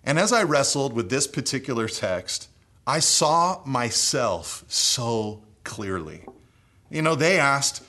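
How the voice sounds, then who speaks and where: An earnest preacher delivers a sermon in a man's voice of ordinary pitch. He pushes key phrases up and louder, then lets his sentences sink to a soft, low close. His delivery moves steadily from reading to explaining. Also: big pitch swings, measured pace. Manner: earnest preaching, swinging between raised emphatic phrases and low hushed endings.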